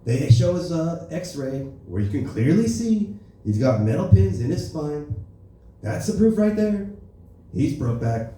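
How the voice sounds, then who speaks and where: At a comedy club open mic, a male stand-up comedian does a boastful impression of a crude older politician, pitching his fairly high voice above his own natural register. The bit is very animated but measured in pace, warm in tone, and brash, rambling, and self-important. The stage mic is far off, so the room sounds echoey, with a little hiss or hum.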